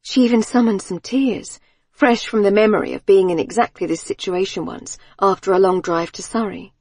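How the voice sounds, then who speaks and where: A woman narrating a novel in a calm, even storytelling manner. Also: mid-range voice, moderate pace, slightly rough, no room sound, studio quality. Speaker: audiobook narrator. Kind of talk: scripted narration.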